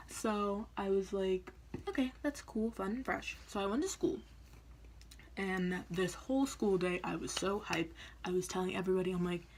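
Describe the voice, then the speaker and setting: A woman's voice: lowish voice, a little hiss or hum. A young woman vlogger telling a story in a casual, chatty way, often laughing and acting out what people said. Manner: chatty, laughing, acts out quoted lines.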